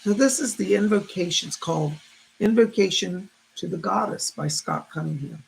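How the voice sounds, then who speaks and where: A man's voice: high voice, moderate pace, vocal fry, slight background noise. A man hosting a psychic live stream in a chatty, effusive way, greeting viewers by name and reading out their comments. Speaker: psychic livestream host. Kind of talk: casual live-stream chat.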